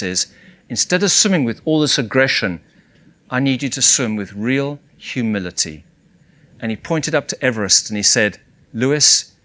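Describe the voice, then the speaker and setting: A man's voice: mid-range voice, a bit bright. Man telling a vivid inspirational story. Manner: vivid storytelling, voicing others in quoted dialogue. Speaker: keynote speaker.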